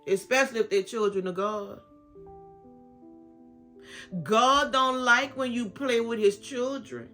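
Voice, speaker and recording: A woman's voice: on the high side, takes it slowly, long pauses, a bit bright, soft background music. A woman in her fifties with a Southern US accent, talking straight to camera about faith and repeating her phrases for emphasis. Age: 50s. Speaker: vlogger. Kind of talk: casual faith talk to camera.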